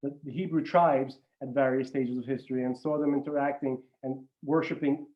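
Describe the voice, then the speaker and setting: A man's voice: medium pitch, steady tone, a little fast, lo-fi sound. A man chatting casually as a regular podcast guest, rambling with many restarts and some swearing. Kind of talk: casual chat.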